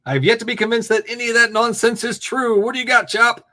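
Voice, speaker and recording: A man's voice: very high voice, steady tone, quick pace, bright, forceful tone. A man hosting a live call-in debate podcast, blunt, mocking and profane, laughing often. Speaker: host.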